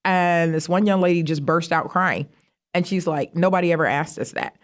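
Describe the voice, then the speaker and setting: A middle-aged woman, a university vice president, telling stories in a casual interview, animated and jumping high in pitch when she quotes herself. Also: moderate pace. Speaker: guest, university vice president of student affairs.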